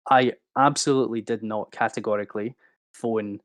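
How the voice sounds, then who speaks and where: A man in his thirties telling an animated, swearing-laced story as a guest on a livestream. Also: lowish voice, normal speed, no room sound. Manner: animated anecdote-telling, swearing, acting out quotes. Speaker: guest speaker.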